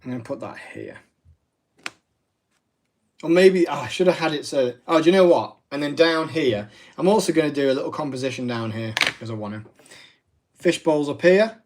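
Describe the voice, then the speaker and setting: A man's voice: a little high, expressive, moderate pace, pauses often, a little mellow. A man, hosting a casual live craft demo, chatty and self-deprecating with rambling asides. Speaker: craft livestream host.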